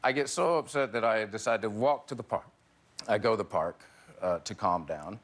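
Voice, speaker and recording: With a lowish, fairly bright voice and a moderate pace, a man in his forties appears as a talk show guest in a TV studio with a live audience. He laughs his way through the punchlines of a comic story.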